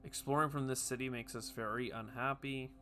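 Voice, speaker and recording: A man talks his way through a strategy game in a loose, chatty commentary, tossing off jokey asides to himself. His voice is bright and forceful, and faint game music runs under it. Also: mid-range voice, steady tone, fairly quick. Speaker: gaming video host. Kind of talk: casual gameplay commentary.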